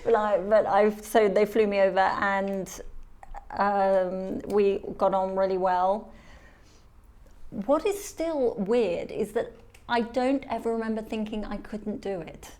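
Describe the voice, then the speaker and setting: A woman's voice: medium pitch, slow. A middle-aged woman, a model and guest, telling her life story animatedly and acting out what people said. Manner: animated storyteller who acts out quotes. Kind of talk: storytelling in a podcast interview.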